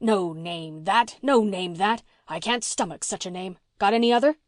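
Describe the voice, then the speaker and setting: A woman's voice: mid-range voice, normal speed, no room sound, studio quality, natural voice. Woman voicing Norman Douglas, a blustering old farmer. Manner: bossy, teasing, repeats himself. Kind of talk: audiobook reading.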